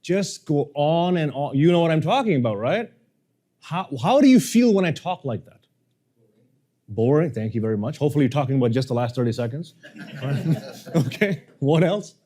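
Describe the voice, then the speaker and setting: A man, a public speaking coach, teaching a workshop to a live audience, energetic and playful, often quizzing the room. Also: a little high, normal speed.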